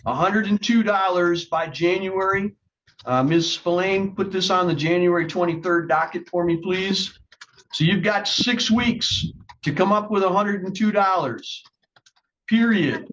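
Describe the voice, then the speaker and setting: A man's voice: sits high, a little slow, long pauses, fairly bright tone, muffled recording. A man presiding as a judge at a court hearing, stern and lecturing.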